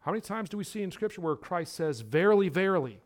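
Male pastor, high voice, emphatic sermon delivery that swings from quiet to loud. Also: lively intonation, quick pace. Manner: emphatic preaching, repeats words for emphasis, swings between hushed and loud.

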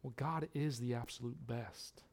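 A male pastor preaching a sermon, stressing his points by repeating words and swinging between hushed lines and loud ones. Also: mid-range voice, unhurried, vocal fry.

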